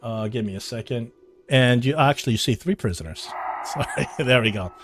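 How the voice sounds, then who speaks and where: A man runs a tabletop game, describing the scene in a mid-range voice. He halts and restarts often while he sets things up. Faint music plays in the background. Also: medium pitch. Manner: halting, with many restarts and fillers. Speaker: game master.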